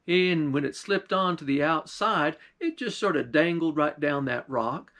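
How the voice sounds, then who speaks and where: Male pastor, high pitch, folksy drawling storyteller. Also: measured pace, a bit bright. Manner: folksy drawl, often starting lines with "why". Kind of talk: folk tale storytelling.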